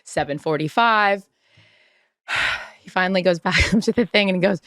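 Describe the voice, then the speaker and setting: A woman co-hosting a podcast in casual chat, telling stories with lively acted-out quotes and casual swearing. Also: fairly low pitch, a little fast, no room sound, studio quality. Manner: animated storyteller, acts out quotes, swears casually. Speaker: podcast co-host.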